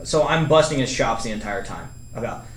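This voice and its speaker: Male podcast guest, animated storyteller, echoey room, slightly distant mic. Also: medium pitch, a little fast, a little hiss or hum. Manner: animated storyteller, laughs often, acts out quotes. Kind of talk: casual storytelling.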